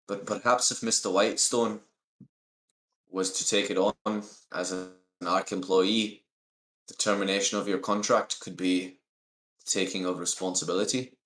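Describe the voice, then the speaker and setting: A man's voice: on the low side, fairly bright tone. A man voicing a wary, scheming male employer with a put-on Scottish accent, speaking bluntly in a roomy space. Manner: blunt, dismissive. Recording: roomy echo.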